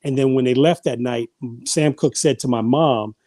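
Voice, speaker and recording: A man's voice: mid-range voice, normal speed, warm tone, no echo. A man guest on a podcast, telling family stories in a rambling, casual way with many restarts and repeated words. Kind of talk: casual storytelling.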